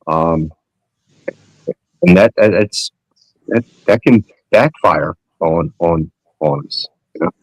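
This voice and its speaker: A man's voice: low voice, takes it slowly, long pauses, darkish tone, slightly rough, no echo, rough recording. A man on a discussion panel who rambles and searches for his words in casual talk.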